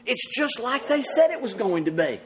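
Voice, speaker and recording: A man's voice: very high-pitched, very animated, normal speed. A man preaching a sermon to a congregation, earnest and often laughing as he speaks. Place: church service with congregation.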